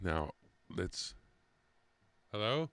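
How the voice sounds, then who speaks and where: Low voiced podcast dude, swears a lot, teasing, voice jumps all over. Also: male voice, big pitch swings, extremely slow, a bit bright, no room sound. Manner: brash, profane, teasing. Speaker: podcast host. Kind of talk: casual podcast banter.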